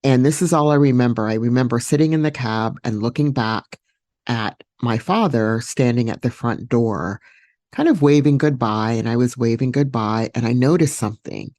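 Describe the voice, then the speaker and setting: A woman hosting a podcast, telling a personal story solo in a reflective, unhurried way with many fillers and restarts. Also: a bass voice, a little mellow, no room sound, clean studio sound. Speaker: podcast host.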